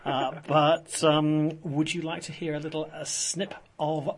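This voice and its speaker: A man's voice: on the high side, level tone, a little slow, breathy edge. A man presenting a casual radio chat show in a studio, rambling with many fillers and restarts. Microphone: studio microphone.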